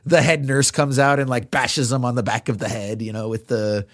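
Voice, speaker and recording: A man's voice: medium pitch, fairly even intonation, moderate pace, no echo, studio quality. A male podcast co-host casually recapping a film scene by scene, with many fillers.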